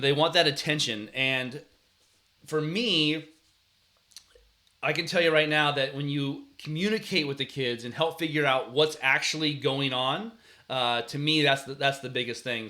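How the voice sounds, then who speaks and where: A man hosting a casual advice talk for coaches and parents, telling stories earnestly, often restarting his sentences, and acting out the way he yelled at players. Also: medium pitch. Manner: earnest storytelling, frequent restarts, acts out yelling at players. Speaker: youth sports coach and show host.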